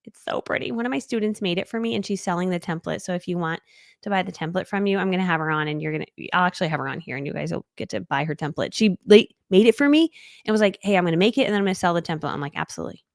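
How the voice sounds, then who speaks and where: A woman's voice: on the low side, rapid-fire, dry recording, studio quality. A woman in her thirties from New England, leading a live online training as a business coach, talking in a bubbly, chatty way with playful acted quotes. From New England, United States.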